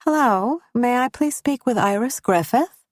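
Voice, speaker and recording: A woman's voice: a little high, expressive, a little slow, dry recording, studio quality, pitched above the performer's own voice. A woman voicing a female airline representative who speaks in a carefully neutral, businesslike, scripted tone. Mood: formal, neutral.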